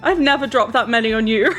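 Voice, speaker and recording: Giggly, high-voiced woman streamer. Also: fairly bright tone. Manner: giggly, emotional, often laughing through tears. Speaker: game streamer. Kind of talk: live-stream chat.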